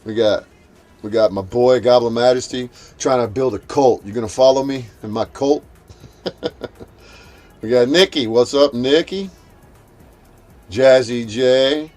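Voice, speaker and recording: A man's voice: medium pitch, measured pace, pauses often, darkish tone, faint music behind. A man hosting a live stream, ranting at a rival and at trolls in a profane, confrontational, mocking way while greeting his chat. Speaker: livestream host.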